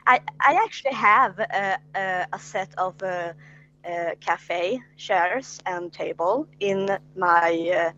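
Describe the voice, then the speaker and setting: A woman's voice: fairly low pitch, slow pace, pushed and bright. Hesitant woman host. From Sweden. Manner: hesitant, many filler sounds. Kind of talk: casual interview chat. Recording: dull with faint hum.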